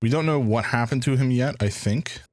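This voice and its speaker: A man's voice: mid-range voice, normal speed, darkish tone, dry recording. A man streaming a first playthrough of a detective game, thinking aloud in a hesitant way with frequent restarts. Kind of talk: casual live game commentary.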